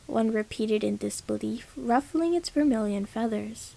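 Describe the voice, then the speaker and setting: A woman reading a legend aloud as a first-person storybook narration, measured and solemn. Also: a little high, vocal fry, dark tone, poor audio.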